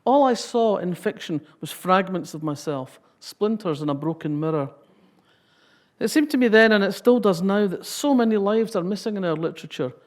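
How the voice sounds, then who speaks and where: A woman's voice: medium pitch, animated, normal speed. A Scottish woman in her sixties giving a public talk, reading a passage and then telling wry, humorous anecdotes.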